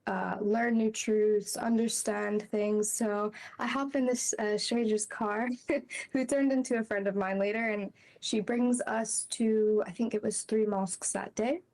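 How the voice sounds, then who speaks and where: A woman's voice: medium pitch, fairly even intonation, a little slow, a little mellow. A woman telling a personal story in casual, rambling talk, full of "like" and light laughs. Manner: rambling, heavy use of "like", laughs between phrases. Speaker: interview guest.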